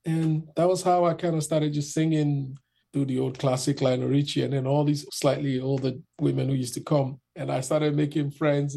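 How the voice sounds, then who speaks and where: A man telling a rambling, animated story in a casual interview, acting out the people in it. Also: on the high side, moderate pace, creaky. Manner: rambling, animated, acts out the people in his stories.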